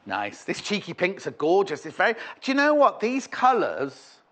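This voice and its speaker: A man's voice: high-pitched, wildly swooping pitch, moderate pace, fairly bright tone. A man presenting fabric on a live shopping channel, chatting in a rambling, playful way between prices. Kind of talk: live TV sales chat. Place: TV studio.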